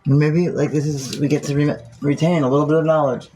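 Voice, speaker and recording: A man's voice: a little high, steady tone, brisk, dark tone, breathy edge, low-quality recording. A man talking casually on a phone livestream, musing aloud, rambling and swearing freely.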